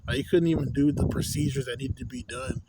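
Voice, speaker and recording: A man's voice: mid-range voice, fast. A young adult man venting in a casual vlog, profane and full of street slang. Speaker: vlogger. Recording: loud background noise.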